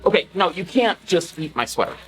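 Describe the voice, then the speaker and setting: A woman's voice: lowish voice, expressive, fairly quick, soft background music. A woman chatting casually on a live stream, gushing thanks to viewers and coaxing her dog.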